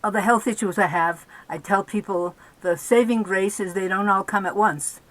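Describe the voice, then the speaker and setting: An older woman giving a gentle spiritual teaching on a video call, explaining slowly with small restarts. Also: medium pitch, steady tone, poor audio. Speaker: guest teacher. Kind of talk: teaching in a virtual group call.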